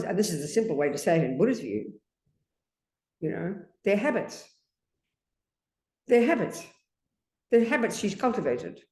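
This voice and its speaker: Emphatic woman giving a dharma talk. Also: mid-range voice. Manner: emphatic, lively, asks rhetorical questions. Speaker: Buddhist teacher. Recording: echoey room.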